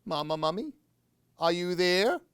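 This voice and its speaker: A man voicing a small, scared baby mummy boy in a storybook reading, with high, pleading calls. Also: big pitch swings, a little slow, a bit bright, clean tone, no echo, full character voice.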